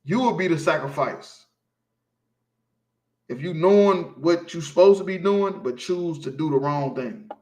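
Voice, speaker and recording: A man's voice: a little high, a little slow, darkish tone, dull audio. Emphatic preaching man, echoey room. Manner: emphatic, preachy, keeps asking "you feel me". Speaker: street preacher teaching scripture. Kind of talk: informal sermon.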